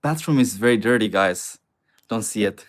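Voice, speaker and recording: A young Chinese man livestreams from his small studio apartment overlooking a river, chatting casually with viewers. His voice sits fairly low and moves at a moderate pace. He's talkative, calls his audience "guys," and replies to comments in the chat.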